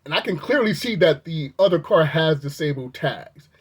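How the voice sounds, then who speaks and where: A video reviewer telling a story in a storytime commentary, talking animatedly and sounding incredulous, with the pitch jumping up when outraged. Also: expressive, normal speed, slightly rough. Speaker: video reviewer recounting an incident.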